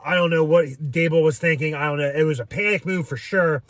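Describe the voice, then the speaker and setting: Man, fan reaction vlog, rambling, swears, lots of ums, fairly high voice, dry close sound. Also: a little fast, fairly bright tone, dry recording. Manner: rambling, frequent "um", swears freely. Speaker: sports fan commentator.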